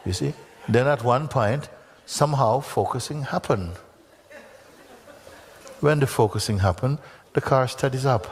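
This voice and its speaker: A man's voice: mid-range voice, unhurried, pauses often. A man giving a spiritual talk to an audience, telling a story playfully, acting out voices and often laughing. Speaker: spiritual teacher in a played video. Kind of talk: spiritual talk with acted-out anecdote.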